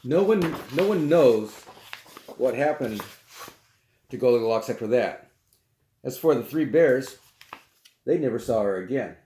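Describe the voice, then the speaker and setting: Male storyteller reading to children, animated, chatty asides, roomy echo. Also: mid-range voice, measured pace, long pauses, a little hiss or hum.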